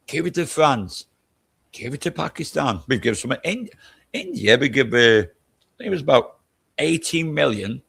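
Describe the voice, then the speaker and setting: A man's voice: mid-range voice, creaky, fairly bright tone, slightly rough. An older man chatting casually, ranting in an exasperated, profane way. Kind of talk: casual chat.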